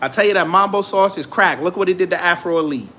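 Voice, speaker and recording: A man with a high-pitched voice riffs through a casual commentary show, teasing and mocking, laughing at his own jokes. A faint hiss of background noise sits under his voice. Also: quick pace, sharp tone. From immigrant to the United States. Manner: joking, mocking, laughs often.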